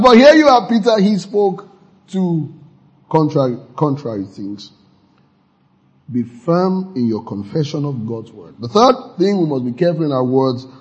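Pastor, male, animated, lively preaching with call-and-response, fairly high voice. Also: lo-fi sound. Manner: leads congregation in call-and-response declarations. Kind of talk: sermon.

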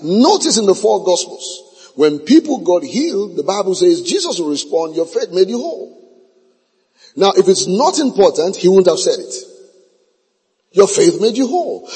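Male preacher, husky tone, dramatic swings in pitch, sermon heard in a reverberant church hall. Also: a little mellow. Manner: emphatic, repeats key phrases, stretches words slowly. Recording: long reverb of a large hall.

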